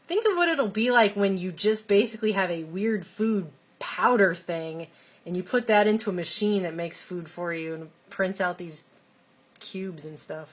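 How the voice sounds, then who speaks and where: A woman co-hosting a casual chat, sarcastic and prone to giggling. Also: medium pitch.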